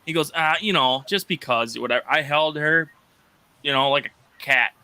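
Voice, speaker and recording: A man from Wisconsin in casual chat, telling animated stories and acting out quotes. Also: normal speed, clean tone. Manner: animated, acts out quotes in high voices.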